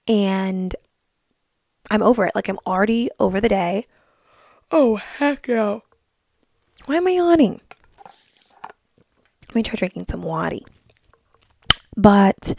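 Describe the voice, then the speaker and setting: Talking to camera, this young vlogger is bubbly and chatty, leaning heavily on "like." Her mid-pitched voice is gravelly and a little mellow, captured in studio quality with no room sound.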